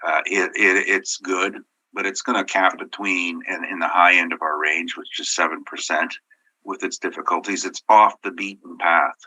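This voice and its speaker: A man managing a property, presenting his appeal at a formal hearing in an earnest, halting way with many fillers. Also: low-pitched, flat delivery, pushed and bright, rough recording.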